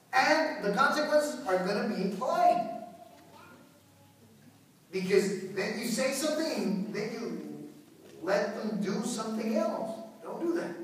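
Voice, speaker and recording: A priest giving a joking, animated talk to parents and children. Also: male voice, sits high, heavy reverb, distant mic, poor audio. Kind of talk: parish talk to families. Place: church.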